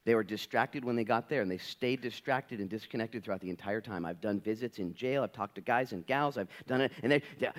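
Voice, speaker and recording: A male pastor preaching a sermon in an animated, conversational and playful way. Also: on the low side, brisk, hardly any pauses.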